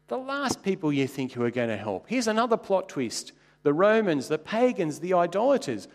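A man preaching a sermon as a pastor, telling wry anecdotes and jumping up in pitch for emphasis. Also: big-room sound. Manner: wry, anecdotal storytelling with sudden jumps in pitch.

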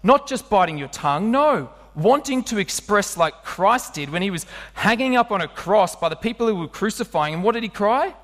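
A man preaching a sermon, animated and asking his listeners rhetorical questions. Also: sits high, normal speed, hardly any pauses. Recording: long hall reverb.

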